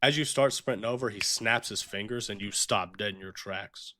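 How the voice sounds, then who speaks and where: A man's voice: lowish voice, moderate pace, pushed and bright. A young man running a tabletop game as game master, narrating scenes in a casual, vivid, profane way.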